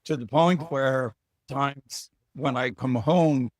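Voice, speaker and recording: A man's voice: mid-range voice, slow, dry recording, studio quality. An Irish man, a guest author, chatting and telling anecdotes in an interview, a little self-deprecating. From Ireland. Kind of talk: relaxed storytelling interview. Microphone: video call.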